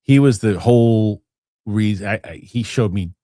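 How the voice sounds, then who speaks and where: A middle-aged man hosting a casual talk show, telling stories in an animated way with lots of restarts and fillers. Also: lowish voice, moderate pace, no room sound, studio quality. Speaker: show host. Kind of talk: casual chat.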